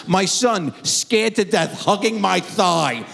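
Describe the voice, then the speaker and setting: A middle-aged man telling a stand-up comedy story with animated, exaggerated voices, on a theater stage with a handheld mic. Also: sits high, measured pace, vocal fry. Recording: echoey theater with faint crowd.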